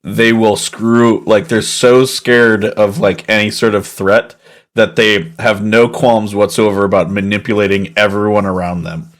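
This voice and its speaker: A man co-hosting a casual book podcast, recounting scenes in a relaxed way full of fillers. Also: fairly low pitch, a little slow. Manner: relaxed, filler-heavy storytelling. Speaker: podcast co-host. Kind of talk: casual book-club chat.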